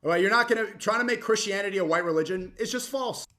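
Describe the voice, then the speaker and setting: A young man reacting to a clip with heated, mocking commentary that swings suddenly loud. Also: sits high, quick pace.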